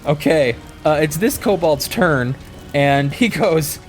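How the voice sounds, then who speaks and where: A man's voice: a little high, lively intonation, slow, faint music behind. A man running a tabletop game as game master, narrating loosely with lots of fillers and laughs.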